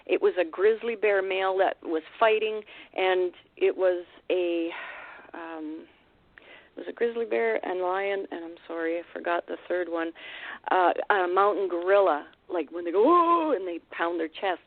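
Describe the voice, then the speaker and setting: A woman from Vancouver Island, a guest on a radio show, telling a frightening encounter in an emotional, halting way with many restarts. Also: fairly low pitch, fairly even intonation. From Canada, Vancouver Island. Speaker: guest, Sasquatch researcher. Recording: dry, phone-like radio call line.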